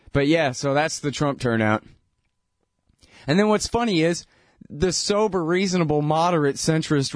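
A man's voice: a little high, no echo, clean studio sound. A man giving casual, sardonic political commentary, laughing at his own points and peppering his talk with "dude" and "man". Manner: filler-heavy, says dude and man.

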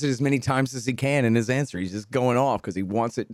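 A man's voice: medium pitch, fast, no echo, studio quality. A man in his fifties hosting a casual political interview, telling stories animatedly. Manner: animated storytelling with voiced quotes. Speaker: host.

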